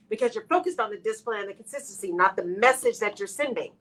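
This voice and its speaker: A woman's voice: mid-range voice, animated, fast talker, few pauses, fairly bright tone, rough recording. A woman hosting a live radio talk show, speaking expressively to her listeners and acting out her own inner voice.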